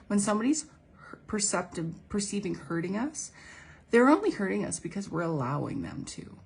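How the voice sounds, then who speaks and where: A woman's voice: lowish voice, creaky, husky. A woman spiritual coach giving an earnest, casual motivational monologue, often restarting and playing out imagined inner dialogue. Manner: earnest, repeats herself, quotes imagined speech.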